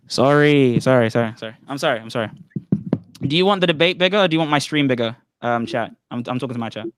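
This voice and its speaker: A man's voice: mid-range voice, expressive, fast, smooth, no room sound. A man casually hosting a livestreamed debate, joking and teasing the others. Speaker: debate host.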